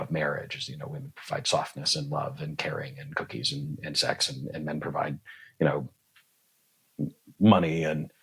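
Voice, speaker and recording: With a very deep, gravelly, slightly rough voice, a man in his forties talks casually as a podcast guest. He is blunt, curses freely, and tells his stories animatedly, voicing the dialogue himself.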